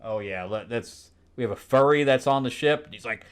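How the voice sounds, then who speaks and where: A man's voice: medium pitch, brisk, clear, resonant tone. Sarcastic, rambling comic reviewer man. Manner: sarcastic, rambling with many restarts. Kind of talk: casual comic recap.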